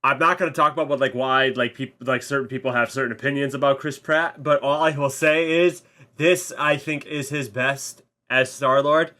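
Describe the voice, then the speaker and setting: A man's voice: mid-range voice, steady tone, moderate pace, bright, forceful tone. A man who is a guest on a casual spoiler chat, rambling, restarting sentences and swearing casually.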